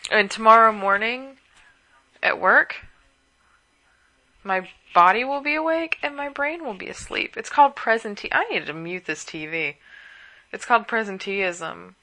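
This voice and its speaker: A woman hosts her podcast from home late at night, sleepy and run down. She chats loosely and drifts between asides, in a voice of ordinary pitch with a bright, sharp timbre. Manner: chatty and rambling, with casual asides. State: sleepy and worn out. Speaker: podcast host.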